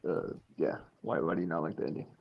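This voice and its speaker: A man's voice: a bass voice, fast talker, creaky, lo-fi sound. A man chatting on a group call, stammering and eager with his questions. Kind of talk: casual group chat on a call.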